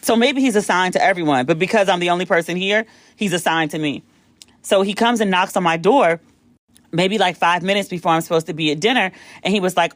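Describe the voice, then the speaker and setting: A woman from the United States hosting a podcast, telling a story casually and acting out the quotes with big jumps in pitch. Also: a little fast, dry recording. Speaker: podcast host.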